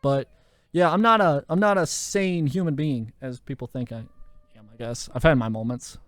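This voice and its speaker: Young male podcast host, animated, profane storyteller, dry sound. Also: on the high side, normal speed, no room sound, faint music behind. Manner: animated, swears a lot, laughs through his story. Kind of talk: casual storytelling.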